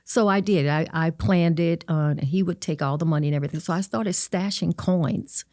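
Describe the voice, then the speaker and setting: Earnest woman telling her story, low voice. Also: a little mellow, no echo, clean studio sound. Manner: earnest, halting, with many restarts and "you know". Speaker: interview guest. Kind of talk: personal storytelling in an interview.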